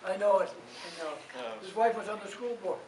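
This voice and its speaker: A crowd murmurs behind an older man with a high voice talking at normal speed. He is a retiring school coach who chuckles through blunt, meandering stories at a gathering, recorded from far off in an echoey, noisy hall.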